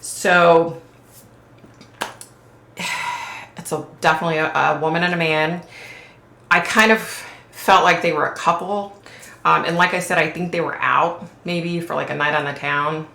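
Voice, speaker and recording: Speaking to camera in a roomy, echoing space, a woman vlogger describes a psychic vision in a loose, rambling way, using "like" often and asking "okay?" Her voice is deep, bright, creaky, and forceful yet steady, a little slow with long pauses.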